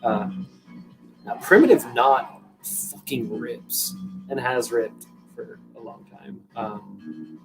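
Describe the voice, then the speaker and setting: A man's voice: medium pitch, expressive, takes it slowly, creaky, long pauses, rough recording. Casual profane man chatting over music. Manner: rambling, profane, self-deprecating, chatting to viewers. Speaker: live stream host. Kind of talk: casual live-stream chat. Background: music playing.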